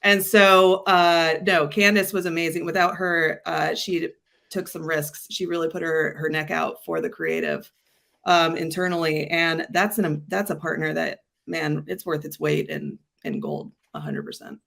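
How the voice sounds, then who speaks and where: A woman with a slightly low voice talks as a guest on an interview show. She rambles with eager enthusiasm, full of likes and ums. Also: expressive, a little slow, gravelly, fairly bright tone. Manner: enthusiastic, rambling, filler-heavy. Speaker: agency guest. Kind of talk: casual interview chat.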